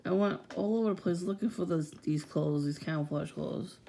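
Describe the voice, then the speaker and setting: A woman talks straight to her viewers in a loose, profane rant and laughs often. Her voice is gravelly and low, with a dark, mellow tone. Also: moderate pace, a little hiss or hum. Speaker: vlogger. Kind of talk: casual rant to camera.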